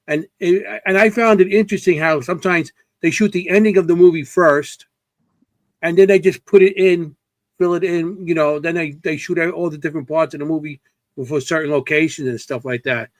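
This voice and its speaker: A man talking casually about film crew work in a halting way, with lots of ums and restarts. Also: on the high side, fairly even intonation, dry recording. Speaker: co-host. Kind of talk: casual conversation.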